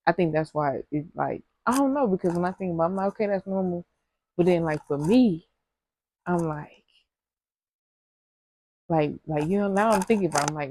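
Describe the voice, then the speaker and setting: A woman's voice: low voice, brisk, pauses often, background noise. A young woman telling a rambling, slangy storytime to her viewers, laughing often. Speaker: vlogger. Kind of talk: casual storytime chat.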